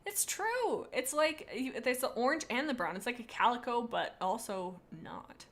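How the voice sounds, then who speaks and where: A woman's voice: a little high, expressive, normal speed, fairly bright tone. Playful woman streamer rambling to chat. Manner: playful, rambling, reads chat comments aloud. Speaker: streamer rating viewers' cat photos. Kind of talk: casual live-stream chat. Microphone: desk microphone.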